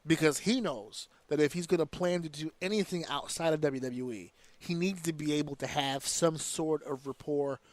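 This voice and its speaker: In a recording with no echo, a man with a voice on the high side hosts a podcast, delivering casual wrestling commentary as a fired-up, profane rant packed with slang and mimicked voices.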